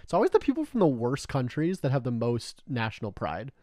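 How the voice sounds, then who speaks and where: A young man from Canada chats casually as a podcast co-host, wandering through his stories with constant "like" fillers, jokes and swearing. His voice sits at a middling pitch for a man. The recording is dry and close, with no room sound. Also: huge pitch swings, brisk, warm tone, no room sound. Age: young adult. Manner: rambling storyteller, heavy filler "like", joking and swearing. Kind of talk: casual chat.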